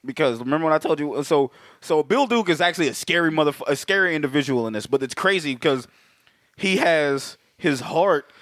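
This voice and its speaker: A man's voice: on the high side, expressive, brisk, a bit bright, no room sound, studio quality. Male co-host, loose and profane, a tenor-ish, bouncy voice, always on the edge of laughing. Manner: profane, joking, laughs a lot. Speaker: podcast co-host. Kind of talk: casual movie podcast banter. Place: lives in Austin.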